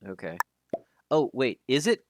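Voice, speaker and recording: A male caster calls a live-streamed strategy game tournament in a loose, conversational way, tripping over names as he goes. His voice sits in an ordinary middle pitch. A loud hiss of noise runs under the whole recording. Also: very animated, unhurried. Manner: casual, chatty, stumbles over names.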